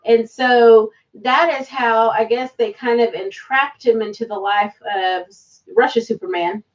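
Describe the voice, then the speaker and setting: A woman co-hosting a casual movie podcast, chatty and animated with quick asides. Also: fairly high pitch. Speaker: podcast co-host. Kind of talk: casual chat reviewing movies. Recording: distant, dull-sounding mic.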